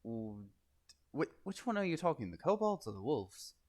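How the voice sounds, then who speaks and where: A man's voice: on the high side, big pitch swings, normal speed, a little mellow. A man doing a weary village receptionist. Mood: exasperated.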